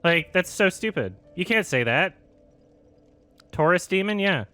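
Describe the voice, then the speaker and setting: Sharp-voiced man ranting on a game stream. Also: high voice, lively intonation, unhurried, faint music behind. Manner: exasperated, sweary, laughing through his rant. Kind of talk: ranting live-stream commentary while gaming.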